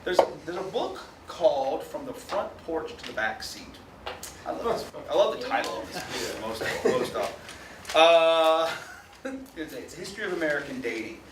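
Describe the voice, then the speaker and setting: A man's voice: on the high side, sing-song, normal speed, background noise. A man giving a classroom lecture, chatty, often checking in with "right?". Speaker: university lecturer. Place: lecture hall. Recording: echoey lecture hall from far off.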